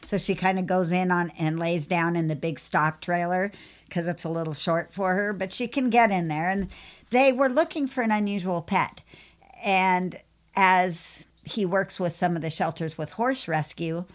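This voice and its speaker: A woman pet groomer who hosts a podcast, telling a long story in a chatty, animated way. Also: fairly low pitch, moderate pace. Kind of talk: casual storytelling.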